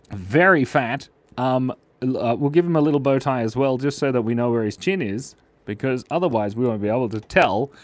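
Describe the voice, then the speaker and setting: Excitable man, lively pitch. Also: no echo. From Australia. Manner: excitable, playful, chatty with viewers. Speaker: livestream drawing host. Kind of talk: live-streamed drawing chat.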